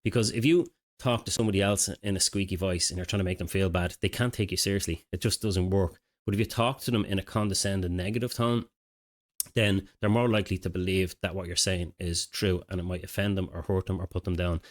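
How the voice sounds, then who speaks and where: A man's voice: sits low, fairly even intonation, a little fast. A middle-aged man, a mindset coach, giving a casual, conversational self-help talk to camera. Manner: casual, conversational, with filler phrases and restarts.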